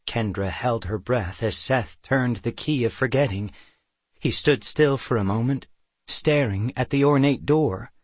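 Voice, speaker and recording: A man narrating an audiobook in a measured, even storytelling manner. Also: mid-range voice, slightly rough, dry recording. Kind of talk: scripted narration.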